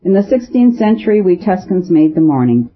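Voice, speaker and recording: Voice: mid-range voice, very animated, a little fast, natural voice. A reader voicing a grave, boastful Italian courier. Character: ambitious Italian male courier in tweeds. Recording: tinny phone-like audio.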